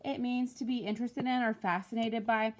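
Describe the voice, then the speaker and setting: A woman's voice: fairly high pitch, fairly even intonation, slight background noise. Woman teacher explaining grammar patiently. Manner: patient and explanatory, slows down for Spanish examples. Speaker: Spanish teacher. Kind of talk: recorded homework walkthrough.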